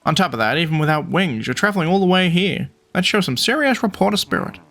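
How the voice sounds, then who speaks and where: A man's voice: sits high, expressive, fast talker, a bit bright. A man voicing an eager male bird reporter in a game, friendly and jumpy, who keeps calling the listener partner. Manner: upbeat, calls listener partner.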